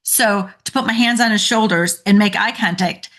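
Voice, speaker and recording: A woman coach, a guest on a podcast interview, telling stories in an animated way and laughing often. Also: medium pitch, normal speed.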